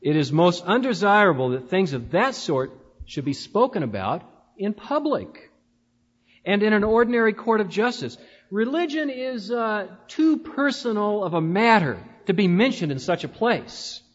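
A man voicing an irritable male court magistrate who talks in a brisk, disapproving way. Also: high-pitched, sing-song. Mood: irritated. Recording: dull, reverberant hall recording.

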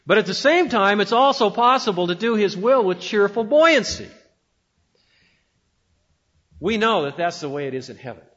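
A pastor preaching a sermon with emphatic delivery and dramatic pauses. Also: male voice, high voice, sing-song, a bit bright, dull audio.

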